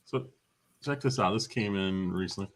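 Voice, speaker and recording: A man co-hosting a casual gaming podcast, relaxed and laughing often. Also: sits low, moderate pace. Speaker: podcast co-host. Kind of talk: casual chat.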